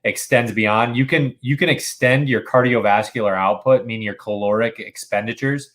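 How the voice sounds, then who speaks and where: A man's voice: mid-range voice, moderate pace, a bit bright. A man in casual podcast chat, explaining with enthusiasm, many restarts, and frequent use of "dude". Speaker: podcast co-host.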